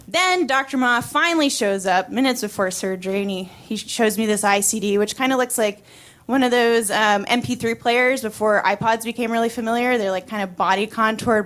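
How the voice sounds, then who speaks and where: A woman's voice: mid-range voice, a bit bright. A woman in her twenties telling a personal story on stage, chatty and wry, laughing often and using many fillers. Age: 20s.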